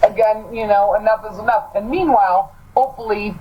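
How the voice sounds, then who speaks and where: A woman's voice: medium pitch, a little fast, husky, lo-fi sound. A woman hosting a radio show, talking in an earnest, emphatic way and often repeating words for stress. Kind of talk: casual spiritual chat.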